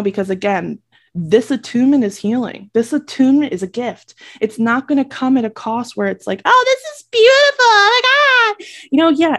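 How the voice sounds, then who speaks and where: A woman's voice: mid-range voice, dark tone. A young adult woman hosting her own podcast, talking emphatically and bluntly in an impassioned solo monologue, swearing freely. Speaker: podcast host and reiki practitioner.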